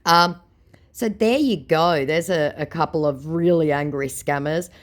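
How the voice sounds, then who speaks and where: A woman's voice: deep voice, unhurried. A woman, sarcastically retelling a chat with a scammer in a mocking tone. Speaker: scambaiting vlogger.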